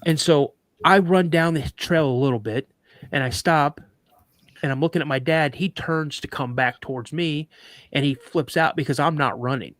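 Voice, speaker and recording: A man's voice: fairly high pitch, moderate pace, a bit bright, no room sound. Man dramatically retelling a story. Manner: vivid, dramatic retelling with stammered restarts. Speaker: guest. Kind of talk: casual storytelling in a talk show.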